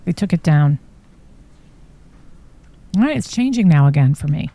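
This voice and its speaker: A woman with a low, dark, sing-song voice reads trial-exhibit text messages aloud at normal speed while hosting a true crime live stream, tossing in shocked reactions. There is no room sound at all.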